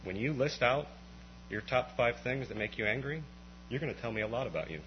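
A man preaching a conversational sermon at an evening church meeting, swinging from quiet explanation to impassioned, rising outbursts. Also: mid-range voice, fairly quick. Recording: dull lo-fi recording with faint mains hum.

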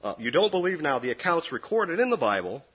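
Male preacher, husky voice, lively delivery full of sarcastic jabs, dull lo-fi sound. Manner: animated, sarcastic jabs, quick pitch jumps. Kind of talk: sermon.

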